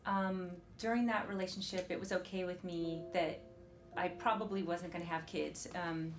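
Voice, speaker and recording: A woman in her forties talking candidly, nervous and emotional, with halting speech. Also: on the low side, fairly even intonation. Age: 40s. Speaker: documentary subject. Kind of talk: candid conversation. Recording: background music over the scene.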